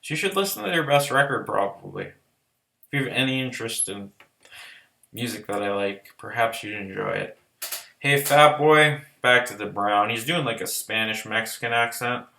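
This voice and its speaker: A man's voice: fairly low pitch, normal speed, creaky, sharp tone. A man giving a casual, rambling, profane and enthusiastic album review in a vlog. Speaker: music reviewer.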